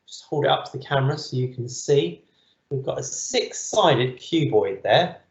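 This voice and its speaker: A cookery teacher gives children a patient, step-by-step online cooking lesson live from his kitchen. His voice is medium in pitch and a bit bright, and the audio sounds echoey and slightly dull.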